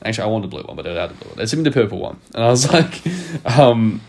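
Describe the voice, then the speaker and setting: A man's voice: lowish voice, animated, rapid-fire, a little mellow. A young man who is sick, co-hosting a podcast in casual chat, rambling, swearing and laughing often. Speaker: podcast co-host.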